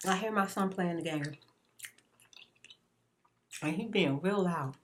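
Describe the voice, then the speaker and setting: A woman's voice: lowish voice, slow, slight background noise. A woman ASMR creator telling an exasperated story between bites of food, in a casual, emphatic way. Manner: chewing and eating between lines. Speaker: ASMR YouTuber, mother. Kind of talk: casual storytime while eating.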